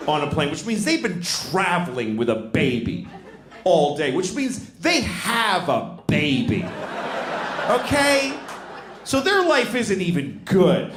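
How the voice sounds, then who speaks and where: A man's voice: on the high side, wildly swooping pitch, slow pace, a bit bright. A man doing a stand-up comedy set in a comedy club, wry and exasperated, acting out little voices. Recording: roomy club recording with crowd noise. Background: audience laughter.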